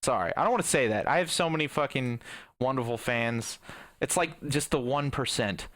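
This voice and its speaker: Bright-voiced ranting young man streamer. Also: mid-range voice, normal speed. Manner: profane, ranting, bursts into shouting. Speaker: gaming livestreamer. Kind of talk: casual livestream rant.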